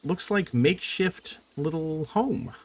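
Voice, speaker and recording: A man narrating a tabletop game as game master, halting with frequent fillers. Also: a little high, breathy edge.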